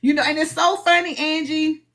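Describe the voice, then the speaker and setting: A woman hosting a live book discussion, animated and preachy, acting out little dialogues as she goes. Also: sits high, normal speed. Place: live online stream.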